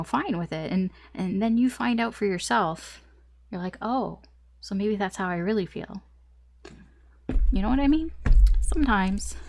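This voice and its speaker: A woman's voice: mid-range voice, dry recording. A woman tarot reader talking through a casual, rambling reading, often laughing at herself.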